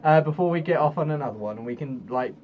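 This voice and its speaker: A giggly, animated man chatting casually while he plays a game, with a pitch that leaps around a lot. The recording is a little dull and muffled, with a faint hiss underneath. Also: fast talker. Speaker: gaming channel host.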